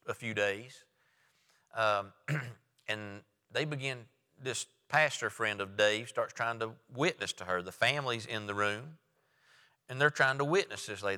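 A man's voice: on the low side, pushed and bright, big-room sound. A man preaching a sermon, telling a story with quoted dialogue and then driving home his point.

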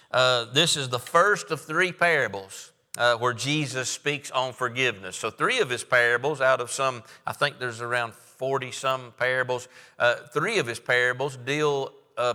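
Man preaching, bright clear voice, measured delivery, lots of uh fillers, long hall reverb. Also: medium pitch. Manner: measured preaching with frequent "uh" fillers, reading scripture aloud. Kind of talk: sermon.

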